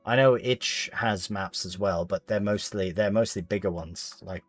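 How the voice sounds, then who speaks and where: A man's voice: fairly low pitch, normal speed, no room sound, soft background music. A man, live-streaming a farming game and chatting casually with viewers as he plays. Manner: chatty, reads chat aloud, British slang.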